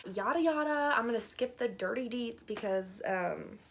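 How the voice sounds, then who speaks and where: A woman's voice: a little high, animated, normal speed, vocal fry, background noise. Chatty young woman telling a storytime. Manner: chatty, laughing, filler-heavy storytelling. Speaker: vlogger. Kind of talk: storytime vlog.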